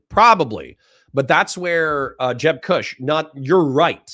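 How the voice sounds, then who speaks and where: A man's voice: on the high side, sing-song, slow, fairly bright tone, no echo, clean studio sound. A young man hosting a livestream, reading viewer messages aloud and answering them bluntly with plenty of swearing. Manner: blunt, profane, reads donations aloud in mock voices. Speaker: livestream host reading chat. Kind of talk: casual livestream chat.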